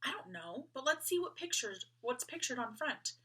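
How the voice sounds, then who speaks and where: A woman voicing an earnest, curious young girl doll in a storybook read-aloud, eager and bright. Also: sits high, very animated, normal speed, husky, voice pushed up, heavily acted. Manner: eager, bright, at times hushed.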